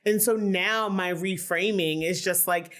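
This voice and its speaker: A woman's voice: fairly low pitch, a little slow. Candid, chatty woman from Philadelphia. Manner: candid, animated, heavy use of "like". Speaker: guest. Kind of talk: casual conversation.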